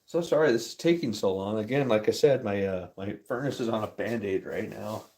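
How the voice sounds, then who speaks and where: A male livestream host with a fairly low, slightly mellow voice talks with chat in an easygoing, slow way. He reads comments while tending his furnace.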